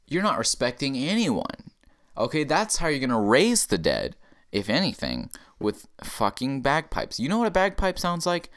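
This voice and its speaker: A man hosting a comedy show, delivering a rambling, profane rant and often laughing at his own tangents. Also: on the low side. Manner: animated, profane, laughing at himself. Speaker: comedy podcast host.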